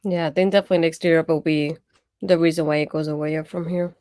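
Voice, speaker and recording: Low-voiced woman w/ an accent, laughy podcast chat, dry close sound. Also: fairly even intonation, quick pace, a little mellow, dry recording. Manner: chatty, laughs often. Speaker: podcast co-host. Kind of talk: casual wrestling recap chat.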